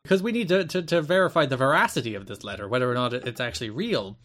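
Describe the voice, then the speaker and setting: A man co-hosting a podcast in casual chat, laying out his points at length with a steady, mid-range voice. He is analytical and drops in the odd mild curse. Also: medium pitch, fast talker. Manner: long analytical explanations, mild swearing. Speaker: podcast co-host.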